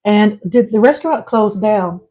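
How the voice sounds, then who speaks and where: A woman with a Southern drawl chats casually on her vlog stream. Her voice sits at an ordinary middle pitch, and she talks in a playful, rambling way, laughing and teasing as she goes. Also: expressive, moderate pace, dull audio. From Texas. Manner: chatty, laughs often, playful asides to her husband. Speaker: vlog host. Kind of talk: casual livestream chat.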